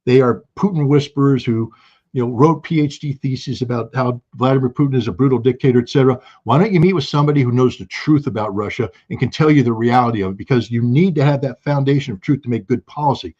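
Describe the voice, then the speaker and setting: A man giving heated political commentary as a guest, forceful and indignant, often restarting his sentences. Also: mid-range voice, fast, breathy edge, lo-fi sound.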